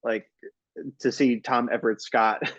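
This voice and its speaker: A man hosting a podcast and chatting about a film, asking his guests questions in a playful, animated way. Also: mid-range voice, unhurried, no echo. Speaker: podcast host. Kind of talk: casual film discussion. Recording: dull, dry home-mic sound.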